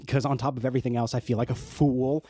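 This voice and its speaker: A young man co-hosting a comedy podcast, ranting in an animated way, swearing often and swinging up to comic shouts. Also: medium pitch, quick pace. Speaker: podcast co-host. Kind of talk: comedic casual chat.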